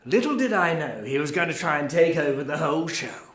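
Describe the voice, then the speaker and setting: A man's voice: fairly high pitch, lively intonation, brisk, fairly bright tone. A man playing a showy Australian crusade leader. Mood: showy, chatty. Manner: chatty, theatrical, addresses audience directly. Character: showy middle-aged male crusade leader, evasive. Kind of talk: theatre monologue. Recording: roomy, echoey.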